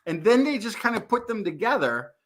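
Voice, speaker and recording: A man co-hosting a science podcast, chatting casually in a rambling, animated way with many restarts. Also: sits high, fairly quick. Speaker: podcast co-host. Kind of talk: casual chat.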